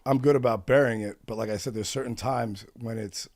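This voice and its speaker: Fast-talking podcast host man. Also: mid-range voice, steady tone, darkish tone. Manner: quick, candid and chatty. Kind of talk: casual podcast chat.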